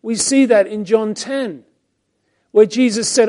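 A male pastor teaching from the Bible in a high-pitched but mellow voice. He preaches expressively, pressing some lines hard and letting others fall almost to a hush. The tone stays soft at the edges, never sharp. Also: a little slow. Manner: expressive preaching, swinging between emphatic and hushed.

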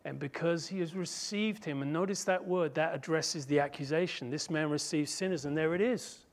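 Male pastor, sermon, high voice, dramatic, emphatic. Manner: slow, emphatic, dramatic storytelling.

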